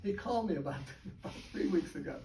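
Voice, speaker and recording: Older male speaker, raised pitch, distant mic in a reverberant room, chatty storyteller. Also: fast talker, slight background noise. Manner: storytelling, chuckling, animated. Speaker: guest speaker. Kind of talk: informal talk to colleagues. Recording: echoey room, from far off.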